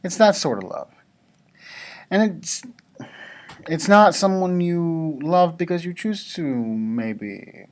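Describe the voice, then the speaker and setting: Slow, easygoing male devotional speaker. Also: on the high side, animated. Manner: conversational, with casual asides to the students. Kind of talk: devotional talk to students.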